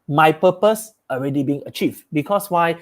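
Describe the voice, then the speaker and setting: A man's voice: on the high side, moderate pace. Upbeat man coaching sales. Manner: upbeat, emphatic, repeats key phrases. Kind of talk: live-streamed sales training talk.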